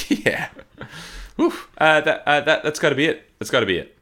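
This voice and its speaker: A man co-hosting a podcast in casual comedic chat, playful and quick to laugh. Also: fairly high pitch, sing-song, pushed and bright. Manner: playful, laughs often, riffs on jokes. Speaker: podcast co-host.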